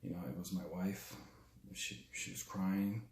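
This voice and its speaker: A young man telling a personal story in a halting, raw way, full of restarts and swearing. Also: deep voice, steady tone, a little mellow, echoey room. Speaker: storyteller recounting his father's death. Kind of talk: personal spoken testimony.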